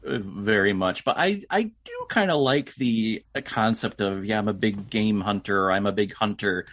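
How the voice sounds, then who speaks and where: A man's voice: on the low side, moderate pace, dull audio. A man co-hosting a podcast, chatting casually about a film and laughing often. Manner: lively, laughs a lot. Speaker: podcast co-host.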